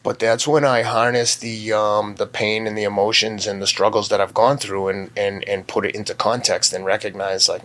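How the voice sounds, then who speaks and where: A man in his fifties, a guest, talking candidly and telling personal stories, sometimes acting out his own shouting. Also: flat delivery, moderate pace, hardly any pauses. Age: 50s. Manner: acts out his own past yelling in sharp high bursts. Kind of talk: candid conversational storytelling.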